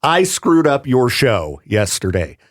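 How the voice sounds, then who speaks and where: A man's voice: medium pitch, very animated, takes it slowly. A male radio host chatting casually with a co-host. He laughs often and sounds easygoing and sympathetic. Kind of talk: casual chat.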